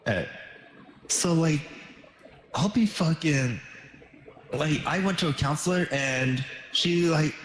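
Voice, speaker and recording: A man chatting casually on a gaming stream, blunt and swearing freely, speaking in quick bursts. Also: fairly high pitch, lively intonation. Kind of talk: casual chat. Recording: echoey room with faint noise.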